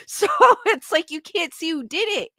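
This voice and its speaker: A woman's voice: extremely high pitch, a bit bright, dry recording, clean studio sound. A woman hosting a livestream who chats casually, reacts to a news clip, and reads comments aloud with rambling exclamations of disbelief. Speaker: livestream host.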